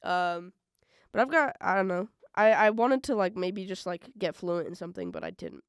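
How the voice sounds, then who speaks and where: A young woman hosting a college radio podcast, chatting casually and rambling with lots of fillers, swinging between loud bursts and mumbled asides. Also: lowish voice, lively intonation, normal speed, clean tone, no echo, clean studio sound. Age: young adult. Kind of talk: casual solo podcast chat.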